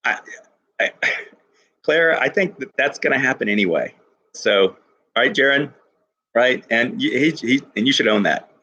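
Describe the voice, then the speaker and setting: Enthusiastic husky male teacher. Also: mid-range voice, lively intonation, sharp tone. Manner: enthusiastic, reads lines slowly and stresses syllables. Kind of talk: poetry lesson to a class. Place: classroom.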